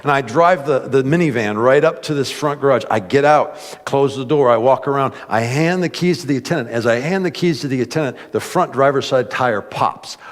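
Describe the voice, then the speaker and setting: A man preaching a sermon, telling a story with lively asides, many filler words and acted-out voices. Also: mid-range voice, a little fast, hardly any pauses. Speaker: pastor. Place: church hall. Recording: long hall reverb.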